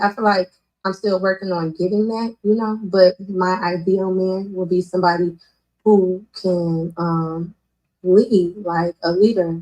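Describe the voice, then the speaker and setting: Woman, lowish pitch, thoughtful, hesitant, filler words, casual chat. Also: darkish tone, low-quality recording.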